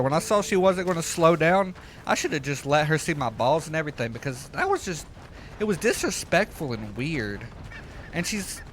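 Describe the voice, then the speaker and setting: A man casually telling a rambling, profane story while he plays a game, getting loud and heated as he retells it. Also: fairly high pitch, slight background noise. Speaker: gaming streamer telling a story. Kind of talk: casual storytelling over gameplay.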